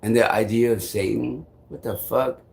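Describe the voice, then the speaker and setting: A man's voice: medium pitch, steady tone, vocal fry, darkish tone. A young man talking on a live stream in a loose, rambling way, full of fillers and swearing. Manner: rambling, halting, swears often, many fillers.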